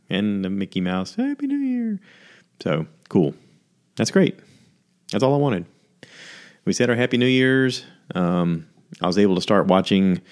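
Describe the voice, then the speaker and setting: Deep-voiced guy doing a solo podcast, kinda rambly and down on himself, just chatting. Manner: candid, self-deprecating, rambling. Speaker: podcast host. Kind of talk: casual solo podcast monologue.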